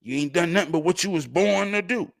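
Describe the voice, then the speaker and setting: A man doing a calm, low-voiced old hunter. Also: brisk, vocal fry. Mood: firm. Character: calm older male hunter and dog breeder.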